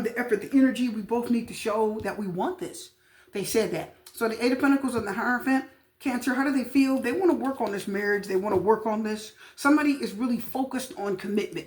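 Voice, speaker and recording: A woman giving a casual tarot reading, chatty and repetitive, often pausing with fillers. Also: medium pitch, a little mellow. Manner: chatty, repeats phrases, frequent fillers. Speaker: tarot reader. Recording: echoey room with faint noise.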